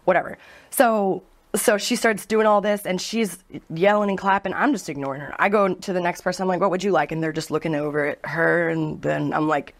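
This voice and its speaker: A woman bartender, a guest on a talk show, telling casual stories in a chatty, animated way. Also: fairly low pitch, a little fast. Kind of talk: casual storytelling.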